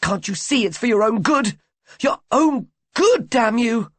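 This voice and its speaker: A man reading an audiobook, voicing an overwrought, jealous young woman who cries out in shrill bursts. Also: lively intonation, a little fast, no room sound. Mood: furious. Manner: shrill, sobbing outbursts.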